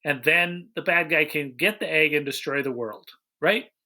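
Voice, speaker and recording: A man co-hosting a casual podcast, recapping a movie's plot with wry, deadpan jokes. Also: fairly high pitch, moderate pace. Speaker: podcast co-host. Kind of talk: casual movie-roasting chat.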